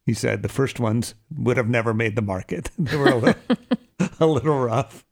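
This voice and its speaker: A man's voice: mid-range voice, normal speed, a little mellow. A man co-hosting a morning radio show, chatting casually and reading news items in a conversational way. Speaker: radio host.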